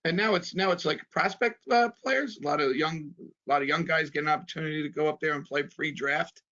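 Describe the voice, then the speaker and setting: A man in his fifties from New Jersey, a former pitcher, rambling through memories in a casual chat full of fillers. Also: brisk, sharp tone. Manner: rambling, many fillers, chuckles often. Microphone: video call. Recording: dull video-call audio.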